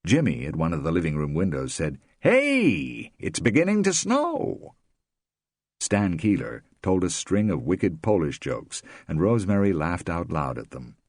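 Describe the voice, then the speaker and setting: A man reading a novel aloud as an audiobook narrator, measured and expressive, close to the mic. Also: rumbling low, no echo. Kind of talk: scripted narration.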